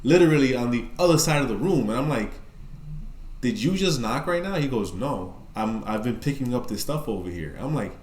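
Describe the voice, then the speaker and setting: A man's voice: mid-range voice, a little fast, few pauses, echoey room, slight background noise. A man with a New York accent telling a story casually, with lots of swearing and filler words. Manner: profane, animated storyteller, many fillers. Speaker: podcast guest telling a story.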